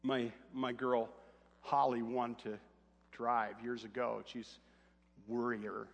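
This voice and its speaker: A middle-aged pastor tells a funny family story in his sermon, acting out the voices with animation. His gravelly, medium-pitched voice takes its time, and he's in a large hall.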